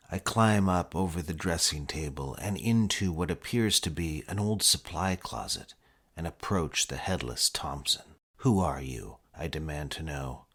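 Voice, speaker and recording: A man narrating a comic novel in the first person with a deadpan, wry delivery. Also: very deep voice. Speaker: audiobook narrator.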